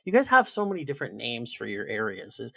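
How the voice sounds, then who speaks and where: A man, a podcast guest chatting casually in a sarcastic, joking, animated way. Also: medium pitch, quick pace, creaky, dry recording. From Canada. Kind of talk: casual chat.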